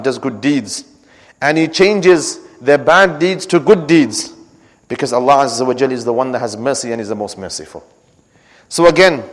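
Earnest preacher man in a reverberant hall. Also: on the high side. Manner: earnest storytelling, recites scripture in quick chant. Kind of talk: sermon.

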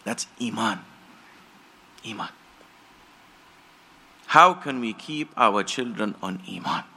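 A man's voice: fairly low pitch, expressive, slow, bright, forceful tone, slightly rough. A man preaching a sermon, telling stories with passion and acting out the voices of the people in them. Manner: impassioned storytelling, acts out quoted voices.

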